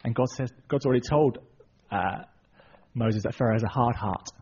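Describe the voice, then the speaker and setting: Male preacher, husky, animated storytelling with asides; dull recording. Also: mid-range voice, normal speed. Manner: lively retelling, asides to the audience. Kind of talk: sermon storytelling.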